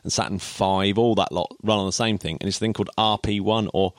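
Man, very deep voice, dry close sound, rambling casual explainer, chuckles. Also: steady tone, quick pace, no echo. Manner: rambling, self-correcting, chuckles often. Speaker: podcast co-host.

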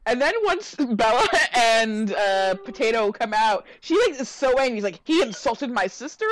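A woman's voice: a little high, expressive, moderate pace, hardly any pauses, low-quality recording. A woman co-hosting a casual podcast, sarcastic and exasperated as she recaps a TV show. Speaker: podcast co-host.

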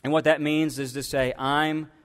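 A man's voice: on the high side, flat delivery, normal speed, fairly bright tone, in a large hall. A man, a pastor, delivering an impassioned and emphatic sermon. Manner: impassioned preaching, pleading and emphatic.

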